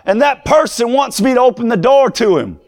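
A preacher with a high voice delivers a sermon. He talks plainly at first, then builds to fervent shouting. There is a gravelly fry in his tone. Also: animated, a little fast.

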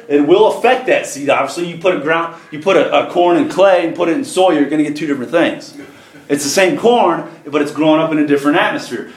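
A man's voice: on the high side, reverberant. A man preaching a sermon, reading scripture aloud and driving his points home with rising emphasis.

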